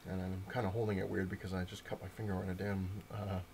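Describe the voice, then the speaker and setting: Man, low voice, casual rambling vlog talk, loose storytelling, faint background hiss. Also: level tone, fast talker, vocal fry, a little mellow. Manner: rambling, loose storytelling with many fillers and restarts. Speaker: comic book collector showing his purchases. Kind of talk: casual rambling anecdote to camera. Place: at home, indoors.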